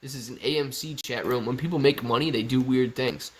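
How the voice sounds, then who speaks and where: A man's voice: medium pitch, fairly quick. A man hosting a casual live stream, chatting and joking as he reads viewer comments aloud.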